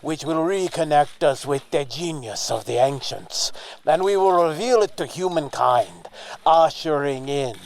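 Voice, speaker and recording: A man's voice: a little high, darkish tone. A man putting on a pompous Spanish engineer. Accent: put-on Spanish. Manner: grandiose, scornful, peppered with Spanish words. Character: pompous 18th-century Spanish military engineer, condescending, grandiose. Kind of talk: comedy sketch acting.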